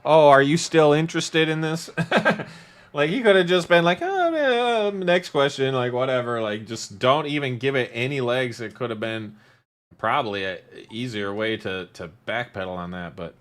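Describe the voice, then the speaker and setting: Play a male podcast co-host in loose, casual chat. He rambles, stacks up half-finished clauses and lets them trail away, with a dry, sarcastic edge under everything. Keep the pitch in an ordinary middle range. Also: fairly even intonation, normal speed.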